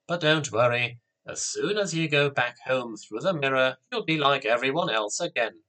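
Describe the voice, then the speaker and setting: A man voicing an ancient, kindly wizard who speaks quietly and calmly. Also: medium pitch. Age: older. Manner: quiet, unhurried, reassuring. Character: ancient wise male wizard, calm and kindly.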